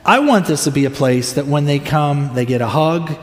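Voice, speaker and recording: An older man preaching a sermon as a pastor, slow and earnest, stretching his words with long pauses. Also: a little high, animated. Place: church sanctuary. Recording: echoey hall, voice from a distance.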